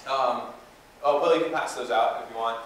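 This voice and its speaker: A man giving a live seminar talk to an audience in a conference room, energetic and conversational with plenty of fillers and asides. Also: medium pitch, normal speed. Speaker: guest speaker. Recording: echoey room from far off, faint hiss.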